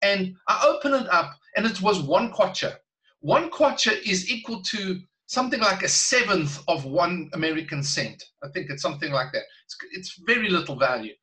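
Guy minister telling stories in an interview, kinda high voice, bright and sharp, earnest, chuckles a lot. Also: moderate pace, poor audio. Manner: earnest and animated, laughs between phrases. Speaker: Christian minister and guest speaker. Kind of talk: conversational storytelling in an interview.

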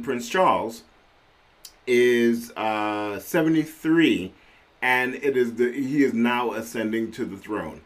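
Male podcast host from Trinidad, mid-pitched and lively, talks casually to listeners. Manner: animated, conversational, often laughing. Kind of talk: casual solo commentary. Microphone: podcast microphone.

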